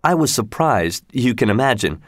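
A man's voice: mid-range voice, very animated, moderate pace, dry recording. Man narrating a story, dry and close. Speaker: audiobook reader. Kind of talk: scripted narration.

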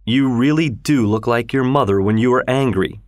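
A man's voice: mid-range voice, normal speed, no room sound, clean studio sound, lightly acted. A man voicing a fierce, brooding middle-aged master of the house in an audiobook reading. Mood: stern.

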